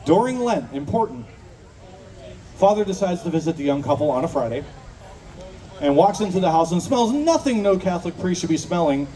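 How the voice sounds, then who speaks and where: A man's voice: a little high, dark tone, recorded from a distance, rough recording. Chatty Pittsburgh man telling jokes on stage. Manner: chatty, self-deprecating joke teller. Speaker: folk singer and storyteller. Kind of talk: live stage banter and joke telling. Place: outdoor festival stage.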